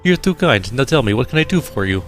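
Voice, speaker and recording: A man voicing a polite, cultured male drone engineer in a video game, speaking in a measured, formal way. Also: medium pitch, very animated, soft background music, close to an everyday voice. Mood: courteous.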